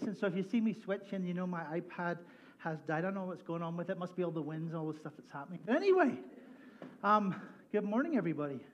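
A man opening a sermon as a pastor in front of a church congregation, chatty and playful with lots of energy. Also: high-pitched. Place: church hall.

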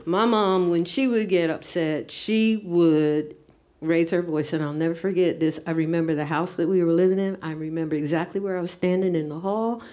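A woman's voice: on the low side, fairly even intonation, normal speed, dark tone. A woman recounting a childhood memory to a group in an earnest, reflective way. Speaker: group participant. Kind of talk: personal story in a group discussion.

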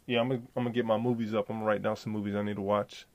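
A man's voice: on the low side, flat delivery, racing. A man hosting his own podcast solo, talking in a profane, slangy, rambling way. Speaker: podcast host. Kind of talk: solo casual podcast commentary.

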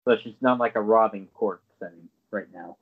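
A man's voice: on the low side, a little fast. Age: adult. Sex: man. Role: game master of a tabletop game. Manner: short prompting questions. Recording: dull, lo-fi. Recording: muffled lo-fi audio.

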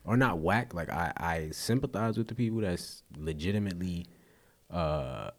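Super deep voiced guy hosting a podcast, loose and chatty. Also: moderate pace. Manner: animated, loose, swears casually. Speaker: podcast host. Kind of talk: casual chat.

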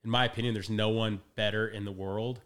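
Man, young adult, podcast guest, quick lively storyteller, slightly low voice. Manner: animated storyteller, acts out quotes, laughs often. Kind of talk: casual podcast conversation.

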